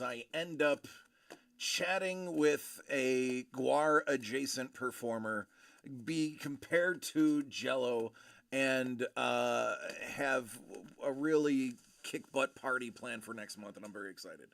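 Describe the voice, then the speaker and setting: A man hosting a casual livestream, telling stories in a loose, rambling way full of fillers. His voice has a gravelly fry at mid pitch. The sound is dry and close. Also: slow pace, a bit bright, no room sound. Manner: rambling storyteller, many fillers. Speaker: show host.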